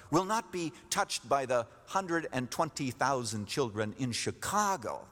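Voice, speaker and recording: A man preaching a sermon as pastor, emphatic, repeating his key phrases and rising in pitch to stress a point. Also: animated, measured pace, hardly any pauses, fairly bright tone. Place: church sanctuary. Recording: long reverb of a church hall.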